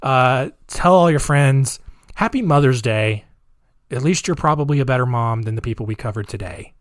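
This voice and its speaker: A man's voice: mid-range voice, lively intonation, normal speed. A man hosting a podcast in a casual monologue, rambling, offhand and sarcastic, on a close mic. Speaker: podcast host.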